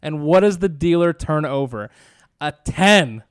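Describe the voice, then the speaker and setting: A man with a high, clear, smooth voice co-hosts a sports betting chat. He paints scenes in the second person and builds them up with rising excitement, recorded dry and close. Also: a little slow, no echo. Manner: vivid second-person storytelling, builds to shouting. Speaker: podcast co-host. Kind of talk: casual sports betting banter.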